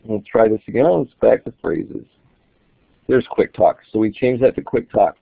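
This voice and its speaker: With a lowish, creaky voice that has a breathy edge, a man speaks at normal speed while reviewing an app. His screen-recorded tutorial is casual and explanatory, thought out loud as he demonstrates, and the audio comes across tinny, dry and phone-like.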